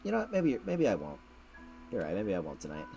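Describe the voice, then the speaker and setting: A man's voice: low-pitched, huge pitch swings, fairly quick, gravelly, warm tone, faint music behind. A man hosting a casual late-night stream chat, rambling and repeating words, laughing often. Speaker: streamer host.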